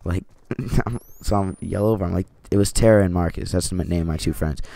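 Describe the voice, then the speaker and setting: A man's voice: low voice, a little fast, vocal fry, dark tone. A teenage boy at home telling a story in a casual, rambling way, saying "like" a lot and swearing. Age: teens. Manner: rambling, heavy use of "like", swears. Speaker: vlogger.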